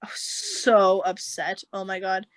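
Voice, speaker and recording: A woman's voice: mid-range voice, a little slow, dry recording. Chatty young woman telling a story. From United States. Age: young adult. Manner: animated storyteller, acts out quotes, says like a lot. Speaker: podcast guest. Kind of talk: casual storytelling chat.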